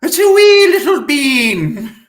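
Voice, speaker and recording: A squeaky, giggling teacher, put on by a man, lectures small children in a lilting put-on Irish accent. The voice sits far above his own and breaks into giggles. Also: very animated, takes it slowly, a little hiss or hum, heavily acted. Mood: giggly lecturing.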